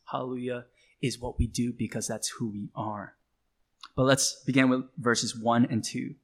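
A man preaching from the pulpit with a mid-range voice. He leans on key phrases and repeats them slowly and deliberately. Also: mid-range voice. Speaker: pastor. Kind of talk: sermon.

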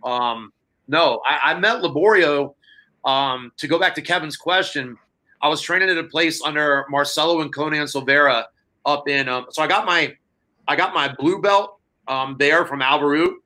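Bright-voiced man telling rambling stories. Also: on the high side, normal speed. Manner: rambling, many fillers, acts out dialogue. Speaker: podcast guest. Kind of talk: casual storytelling.

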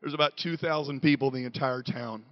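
A middle-aged man preaching a sermon in a church, moving between quiet confession and loud shouting. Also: medium pitch, steady tone, quick pace, dull audio.

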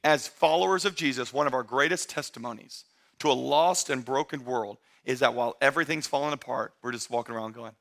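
A man pastor preaching a lively, conversational sermon that swings from loud shouted bursts to quiet asides, recorded in a church. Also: mid-range voice, a little fast, vocal fry.

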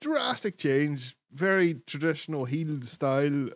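A man's voice: on the high side, big pitch swings, measured pace, no echo. A man co-hosting a podcast in sweary, laughing casual banter. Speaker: podcast co-host. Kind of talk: casual chat.

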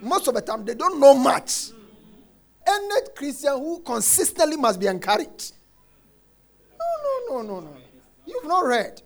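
A man preaching a sermon, quoting scripture and repeating his refrain, dropping soft and then shouting. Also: extremely high pitch, very animated, unhurried, long pauses. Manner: emphatic, repeats phrases, swings between soft and shouted lines; quotes scripture, acts out congregants' complaints.

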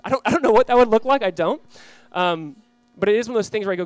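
A young male pastor delivers his sermon at a quick clip, his voice sitting a touch high. He tells stories with lots of energy and acts out the voices in them. The sound is dry and close. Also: no echo. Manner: animated storytelling, acts out quoted voices.

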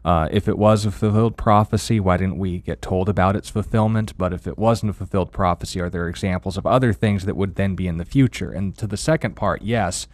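A man co-hosting a Bible question show, answering in a quick, wry way with dry asides. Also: low voice, a little mellow, no room sound. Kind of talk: casual radio Bible Q&A.

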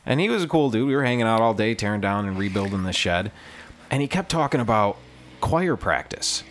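A man's voice: on the low side, fairly quick, a little hiss or hum. A man hosting a casual radio talk show, telling stories and acting out the people in them. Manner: animated storyteller, acts out quotes. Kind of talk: casual banter and storytelling.

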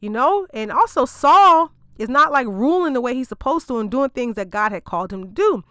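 A woman's voice: high voice, animated, fairly quick, a bit bright, clean tone, no echo, studio quality. A woman podcast host retelling a Bible story in casual slang, with joking asides to her listeners.

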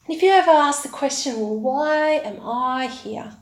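Woman preacher, fairly high voice, unhurried delivery, church hall echo. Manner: slow, warm conversational preaching with tag questions. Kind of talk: sermon with scripture reading.

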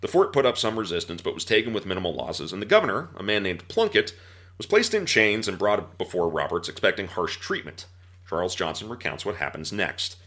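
A man hosting a podcast, telling a history story in an animated storytelling way. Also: low-pitched, a little fast. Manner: animated storyteller, breaks into laughter and mock voices.

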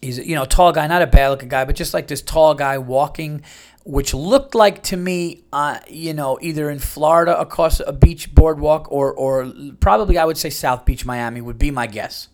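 A man's voice: a little high, normal speed. A man hosting a podcast, telling a long story in a loose, rambling way with lots of fillers and restarts. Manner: animated retelling with many fillers and restarts. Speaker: podcast host. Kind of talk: casual storytelling.

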